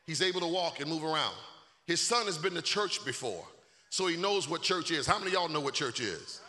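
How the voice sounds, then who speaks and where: A male pastor preaching a sermon with call-and-response, swelling into shouts. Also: fairly high pitch, animated, fairly quick. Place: church sanctuary. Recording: echoey hall.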